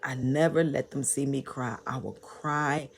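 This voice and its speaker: A woman telling her personal story in a vlog, halting and repeating phrases in a heartfelt way. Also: a bass voice, steady tone, vocal fry, a little hiss or hum. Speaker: motivational vlogger.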